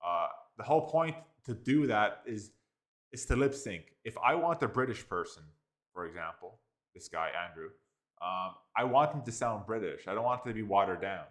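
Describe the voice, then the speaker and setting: An Irish man giving a casual spoken software review, rambling with constant fillers and restarts. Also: on the low side, expressive, normal speed. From Ireland.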